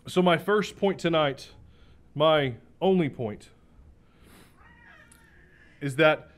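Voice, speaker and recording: Fairly high-voiced male preacher. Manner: emphatic, repeats key phrases, slows down on main points; clears throat now and then. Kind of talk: sermon.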